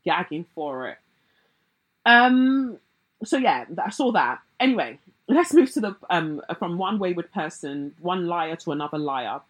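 A woman's voice: fairly low pitch, animated, measured pace, rough recording. A young woman, giving blunt, sarcastic pop-culture commentary and mocking others in put-on voices.

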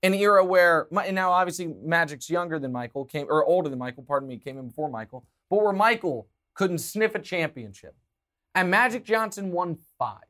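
A self-assured man hosting a sports talk show, pressing his opinions with emphasis. His voice sits a little higher than most men's. He talks with his hands as he argues. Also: expressive, fairly quick, bright, forceful tone.

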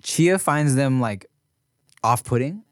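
A man's voice: medium pitch, expressive, slow pace, no echo, clean studio sound. A man co-hosting a podcast in casual chat, laid-back and slangy, laughing often. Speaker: podcast co-host.

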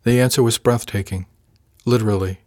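A man with a lowish voice narrating a first-person audiobook. His reading is measured and even, recorded close in a dry, dead space. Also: no echo.

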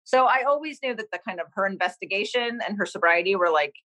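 Female showrunner guest from Massachusetts, middle pitch, loose and rambling. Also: lively intonation, fast, bright, forceful tone, low-quality recording. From Cambridge, Massachusetts. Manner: rambling, many "like" and "um" fillers. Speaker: TV series creator, guest. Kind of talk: casual interview chat.

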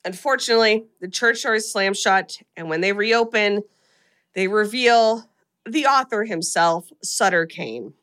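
A young woman hosts a casual podcast and recaps a film's plot. She tells the story in a lively way and slips into the characters' voices as she goes. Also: medium pitch, unhurried. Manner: animated storytelling, acts out characters' lines. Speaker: podcast host. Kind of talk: casual chat recapping a film.

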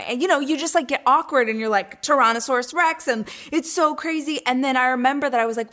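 A woman hosting her own weekly show, telling a story in a chatty, animated way, full of "like" and acting out her own thoughts in whispers and squeals. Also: high-pitched, normal speed, faint music behind. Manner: chatty, lots of "like". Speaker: show host. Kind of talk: casual storytelling chat.

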